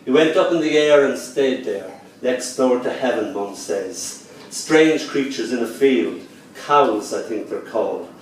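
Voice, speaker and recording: A man, a poet and event host, giving a lilting live poetry reading in a bar, with soft, hushed passages. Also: mid-range voice, expressive, a little slow, distant mic, slight background noise. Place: bar venue. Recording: echoey room recorded from afar.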